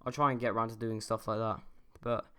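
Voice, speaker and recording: A man's voice: lowish voice, level tone, quick pace, bright, forceful tone, smooth. Rambling, profane young man. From United Kingdom. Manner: rambling, profane, full of fillers and restarts. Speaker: YouTuber. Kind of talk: casual opinion rant.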